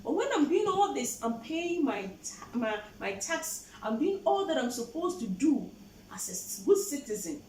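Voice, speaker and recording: A woman's voice: high voice, sing-song, moderate pace, darkish tone, roomy sound, recorded from a distance, slight background noise, low-quality recording. A Ghanaian woman hosting a show, passionately explaining the law and switching between English and Twi. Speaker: host.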